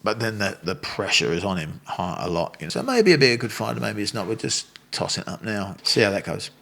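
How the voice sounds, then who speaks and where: A man's voice: fairly low pitch, very animated, fairly quick, gravelly, pushed and bright. A man in his sixties with an Australian accent, a Muay Thai coach telling blunt, rambling stories as an interview guest. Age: 60s. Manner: rambling, blunt storyteller who swears and laughs. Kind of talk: casual interview storytelling.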